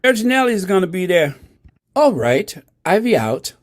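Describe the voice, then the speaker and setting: A woman putting on a loud, gossiping messenger voice for a short skit. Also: lowish voice, sing-song, normal speed. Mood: excited.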